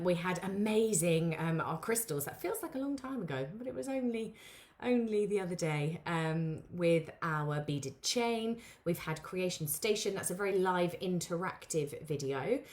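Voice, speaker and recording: A craft tutorial host with a lowish voice runs a chatty, informal live-streamed beading lesson. Out of breath, she greets viewers by name and fills her talk with plenty of fillers.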